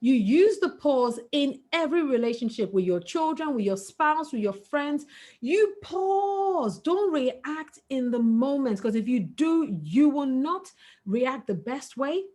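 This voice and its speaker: A middle-aged woman with a high, animated, warm voice speaks unhurriedly as a guest on a webinar. She gives parenting advice earnestly and emphatically, breaking into laughter at times.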